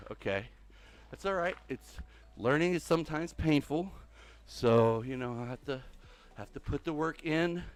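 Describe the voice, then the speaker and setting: Out-of-breath older man streaming a game. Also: medium pitch. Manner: rambling, thinks aloud, chatty with viewers. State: out of breath, walking on a treadmill. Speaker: Minecraft livestream host. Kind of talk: casual gameplay livestream chat.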